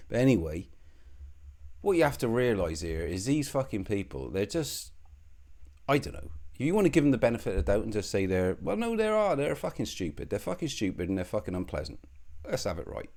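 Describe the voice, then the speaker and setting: A man's voice: on the low side, very animated, fairly quick, darkish tone. A man giving a profane, rambling video commentary, with a sardonic edge and a mock accent put on. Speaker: online commentator.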